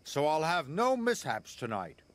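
A man voicing a stern, booming male railway boss in a storybook reading. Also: wildly swooping pitch, measured pace, fairly bright tone, full character voice.

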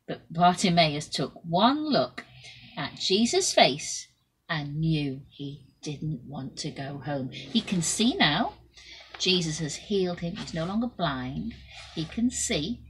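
A woman telling a Bible story to children in an expressive way, shifting between loud and soft. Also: deep voice, takes it slowly, slight background noise, low-quality recording.

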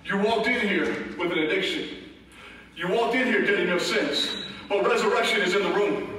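A man preaching an impassioned sermon, rising to shouts and dropping to hushed asides. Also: high-pitched, moderate pace, heavy reverb, big-room sound, distant mic, slight background noise, poor audio. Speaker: pastor. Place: church sanctuary.

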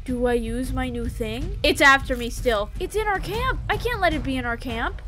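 Young female let's-player, bouncy high voice, jumpy and dramatic. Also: moderate pace, few pauses. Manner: excitable, shrieks and yelps when startled; drops to a hushed whisper when tense. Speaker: gaming YouTuber. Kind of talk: let's play commentary. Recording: game music behind voice.

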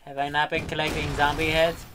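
A young man commentating a game he is playing, yelling in sudden bursts and muttering quietly in between, swearing and joking. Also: a little high, completely flat delivery, fairly quick, noisy background. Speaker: gaming commentator. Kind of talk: let's play commentary.

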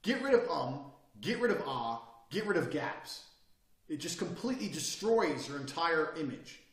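A man in his thirties giving a blunt, profane motivational lecture, forceful and brash as he tells his listeners how to speak and carry themselves. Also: on the high side, very animated, moderate pace. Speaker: course instructor. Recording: roomy sound, mic at a distance.

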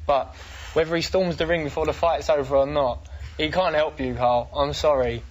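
A man, a boxer, trash-talking his opponent at a press conference with mocking, taunting jibes and slow, deliberate threats. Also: on the high side, steady tone, muffled recording.

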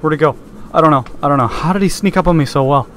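A man's voice: a little high, very fast, fairly bright tone, slight background noise. A man giving let's-play commentary while playing a game, nervous and easily startled, breaking into screams when scared. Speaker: gameplay commentator.

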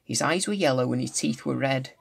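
A man's voice: mid-range voice, fairly quick, vocal fry, breathy edge. A man reading a novel aloud chapter by chapter, now and then stumbling and restarting a line. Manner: restarts and corrects slips while reading. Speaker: reader.

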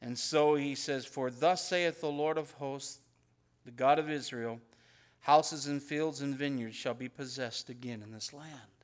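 In a church sanctuary, a male pastor with a medium-pitched voice teaches an expository sermon a little slowly. He talks conversationally, repeats words often, and acts out the prayers he quotes.

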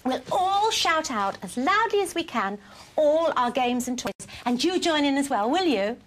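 A woman's voice: sits high, big pitch swings, moderate pace. A woman presenting a children's television programme, talking to small children in an encouraging, playful, sing-song teacher's manner. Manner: playful, gently coaxing.

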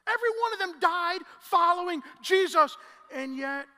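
Male preacher, storytelling sermon, pushes to loud emotional climaxes, bright tone. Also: very high-pitched, lively intonation, moderate pace. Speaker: pastor. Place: large church hall. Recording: long church hall reverb.

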